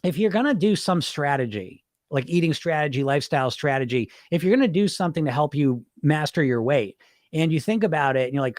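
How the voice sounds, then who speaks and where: This weight-loss podcast host, a middle-aged man, talks fast in a slightly high voice, laughing frequently and doubling back on his words. His off-the-cuff monologue is lively, blunt, and full of curses, captured in clean studio sound with no room sound.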